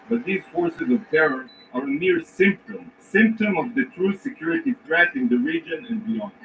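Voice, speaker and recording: A man giving a formal, prepared speech to a council as an ambassador, emphatic and indignant, with measured pauses. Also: fairly high pitch, fairly bright tone. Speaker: ambassador addressing the Security Council. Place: large council chamber. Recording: distant, dull rebroadcast with faint noise.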